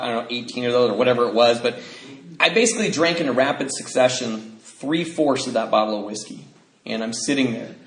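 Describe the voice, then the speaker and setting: A man speaking at a recovery convention, telling his story in an animated, self-mocking way and acting out the quotes. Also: medium pitch. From Washington State, USA. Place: large convention hall. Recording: echoey hall recording with background noise.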